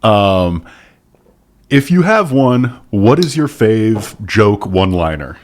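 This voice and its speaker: A man's voice: fairly low pitch, very animated, slow pace. A man co-hosting a podcast, reading book passages aloud with mock-seductive relish and chatting casually. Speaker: podcast co-host.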